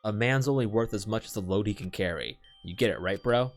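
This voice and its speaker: A man doing a gruff tough-guy simulation. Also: fairly low pitch, a little fast, lightly acted. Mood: taunting. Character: computer imitating a tough male biker student.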